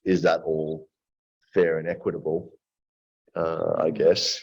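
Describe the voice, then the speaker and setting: Low husky man, musing. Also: flat delivery, slow pace, darkish tone. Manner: reflective, rambling, many restarts. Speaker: host of a men's roundtable. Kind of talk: casual roundtable chat. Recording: dull lo-fi recording.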